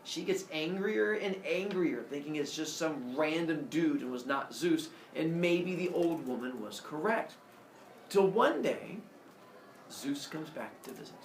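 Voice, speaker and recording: A man teaching, telling a myth to his class in a playful, animated way, recorded from the back of an echoey classroom. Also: fairly high pitch, measured pace, vocal fry, a little hiss or hum. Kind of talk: storytelling lesson. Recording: echoey room, camera far off.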